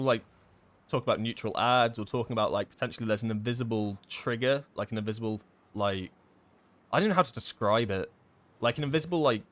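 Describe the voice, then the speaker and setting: A man's voice: medium pitch, a bit bright. A man live-streaming a game, chatting casually and thinking aloud, full of fillers and restarts as he answers chat questions.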